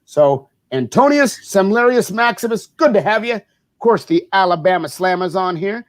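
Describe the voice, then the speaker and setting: A man's voice: high-pitched, animated, normal speed. A middle-aged man co-hosting a casual chat show, rambling and teasing like a big brother. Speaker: co-host.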